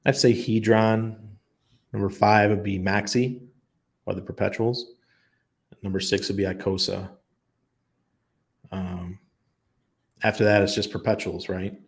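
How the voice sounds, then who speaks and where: Speaking a bit slowly with long pauses, a crypto livestreamer in Panama chats casually from home in a lowish, gravelly voice. Comment after comment gets read aloud and answered on the fly while he muses aloud and keeps things loose.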